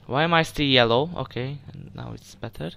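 A man's voice: medium pitch, brisk, creaky, fairly bright tone. A young man giving casual gameplay commentary, jumpy, swearing often and stammering when startled. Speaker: let's play gamer.

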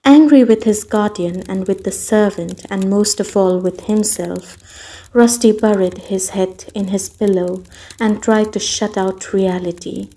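Slow calm woman storyteller. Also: medium pitch. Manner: calm, measured narration. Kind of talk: audiobook reading. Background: soft ambient music.

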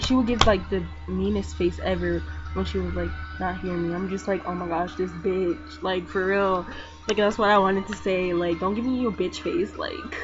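A young woman chatting casually over gameplay, soft-spoken and rambling, with lots of fillers. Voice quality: soft-spoken, talks low. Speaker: gaming vlogger. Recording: dull lo-fi mic with game music. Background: game music.

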